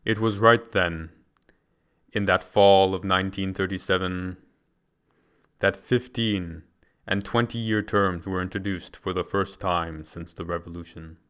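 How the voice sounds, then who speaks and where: A man reads from a book in a measured, deliberate manner. His voice sits on the low side and rings smooth and full. Now and then he stumbles and starts a phrase again. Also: steady tone, a bit bright. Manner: measured, deliberate reading with occasional restarts. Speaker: reader. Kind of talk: reading a book aloud.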